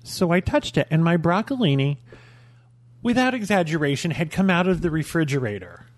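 A man's voice: on the high side, fairly quick, no echo. A man on a podcast telling a story in casual chat, acting out what people said. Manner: animated storytelling, acting out quoted lines. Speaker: podcast co-host.

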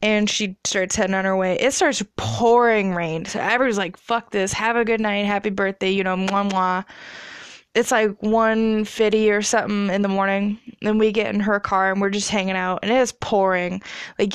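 A woman's voice: medium pitch, smooth, no echo, studio quality. A young woman telling a rambling, profane story in a casual storytime vlog, laughing often. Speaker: vlogger.

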